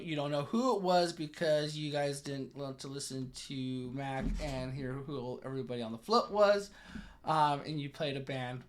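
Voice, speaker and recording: A man's voice: a little high, fairly bright tone. A man narrating a tabletop game as game master, rambling with many fillers.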